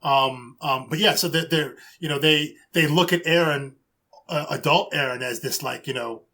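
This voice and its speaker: Bright-voiced man, halting podcast chatter. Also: on the high side. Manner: halting, many repeated words and fillers. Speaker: podcast co-host. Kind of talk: casual podcast discussion.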